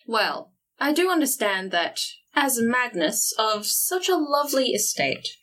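A woman's voice: fairly high pitch, big pitch swings, unhurried, a bit bright, poor audio. Woman playing a sly haggler in a tabletop game. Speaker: player. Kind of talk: tabletop role-play, in and out of character.

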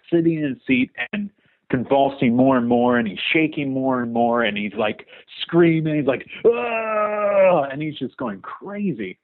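A young man leaving a voicemail for a podcast, telling a story in an animated way. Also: medium pitch. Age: young adult. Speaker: caller. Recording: tinny phone line.

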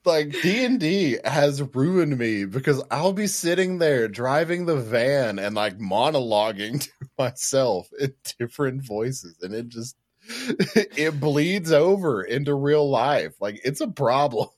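A woman's voice: extremely low pitch, big pitch swings, slow, darkish tone. A woman co-hosting a podcast and running tabletop games, chatting animatedly, laughing often and swearing freely. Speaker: podcast co-host and game master. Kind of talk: casual chat.

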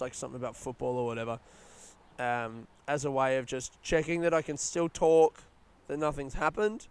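A young Australian man hosting a casual solo podcast outdoors, rambling through stories in a chatty, rushed way. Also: medium pitch, smooth, dry recording. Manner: rambling, chatty, retelling stories with quoted voices. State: yawning, a bit rushed. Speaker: podcast host. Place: outdoors in a smoking area by a housing estate.

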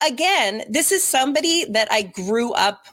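A woman co-hosting a casual podcast, telling stories about meeting celebrities in an animated, chatty way. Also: a little high, moderate pace. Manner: chatty and animated, acts out voices in her stories. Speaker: podcast co-host and former radio interviewer. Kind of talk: casual storytelling chat.

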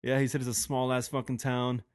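A man's voice: medium pitch, monotone, a little fast, dry recording, clean studio sound. A man co-hosting a casual podcast, joking and teasing with lots of swearing. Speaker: podcast co-host. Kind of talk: casual chat.

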